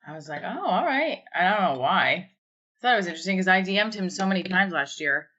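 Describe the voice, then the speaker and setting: Brief: chatty New Jersey woman hosting a home livestream, lowish voice, muffled phone sound. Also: fast talker, pushed and bright. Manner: chatty, rambling, many fillers and restarts. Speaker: livestream host. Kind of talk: casual livestream chat. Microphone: phone camera.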